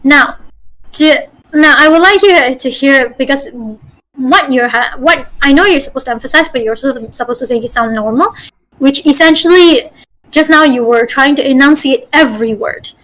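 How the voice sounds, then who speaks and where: A woman from Malaysia runs an online voice-acting class for tabletop players over a video call. Her voice sits high and light, and her speech is chatty and full of fillers as she coaches and corrects each player. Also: normal speed, fairly bright tone, rough recording. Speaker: workshop host and dungeon master. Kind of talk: teaching an online voice-acting workshop.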